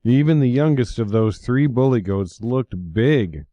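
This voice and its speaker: A man reading a children's picture book aloud in a slow, expressive storytelling voice. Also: mid-range voice, dry recording.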